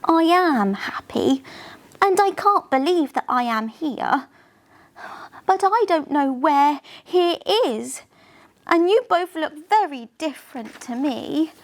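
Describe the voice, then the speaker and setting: Brief: woman doing a storybook old car, slow, wondering, lost, a touch higher than her own voice. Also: lively intonation, full character voice. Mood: wistful. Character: old male classic car, lost and wistful.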